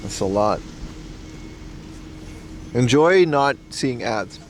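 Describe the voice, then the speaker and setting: A man's voice: medium pitch, expressive, very slow, slight background noise. A man live-streaming on a nature hike, chatting to his viewers in a rambling, laid-back way and swearing freely. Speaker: livestreamer. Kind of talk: casual live-stream chat.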